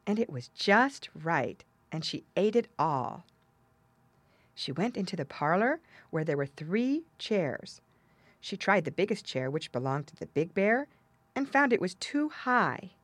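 A woman reads a classic children's story aloud with a lively, melodic lilt in a lowish voice. The recording is close and dry, with no room sound. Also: dry recording. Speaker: narrator. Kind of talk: storybook reading.

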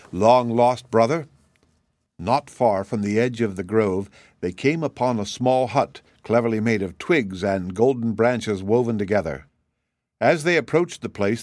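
A man giving scripted storybook narration in a steady, even reading. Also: lowish voice, no echo.

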